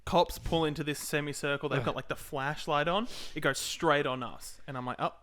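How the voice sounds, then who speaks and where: A young Australian man co-hosting a podcast, telling animated stories with lots of laughter in casual chat. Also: on the high side, fairly quick. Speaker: podcast co-host.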